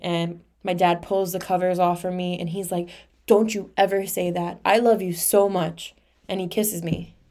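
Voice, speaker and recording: A woman's voice: lowish voice, darkish tone. Candid young woman podcaster. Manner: candid and emotional, peppered with "like" and swearing. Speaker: podcast host. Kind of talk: casual confessional monologue.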